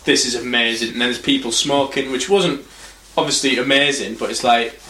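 A man's voice: medium pitch, fairly even intonation, moderate pace, sharp tone, echoey room. A man hosting a podcast, talking casually, rambling through anecdotes and swearing freely. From England. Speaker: podcast host. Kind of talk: casual chat.

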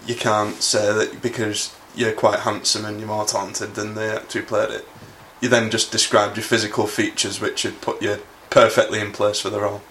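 Dry-witted man, lowish voice. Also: little pitch movement, moderate pace, hardly any pauses, fairly bright tone, slight background noise. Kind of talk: casual storytelling.

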